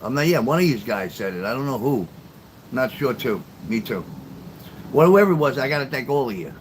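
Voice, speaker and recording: A man's voice: mid-range voice, very animated, a little fast, a little hiss or hum, poor audio. An older man telling stories and chatting casually with viewers on a livestream, blunt and profane. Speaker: livestream host.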